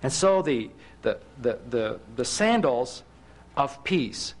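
A male preacher delivering a sermon in a mid-pitched voice. He tells his story with animated rises and emphatic bursts, often stumbling and restarting his sentences. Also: takes it slowly.

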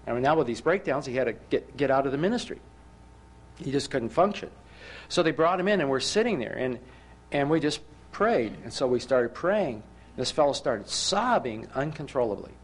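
A man preaching a sermon, telling a story with animated, emphatic rises and frequent restarts. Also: medium pitch, normal speed.

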